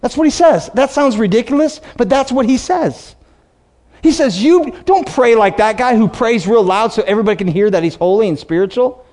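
A pastor preaching a sermon, animated, slowing down to read scripture and acting out quotes. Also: male voice, extremely high pitch. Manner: animated preaching, reads scripture slowly, acts out voices.

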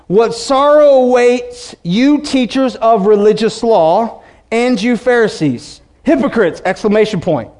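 A pastor preaching a sermon, animated, slowing down to read scripture and acting out quotes. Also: male voice, high-pitched. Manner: animated preaching, reads scripture slowly, acts out voices.

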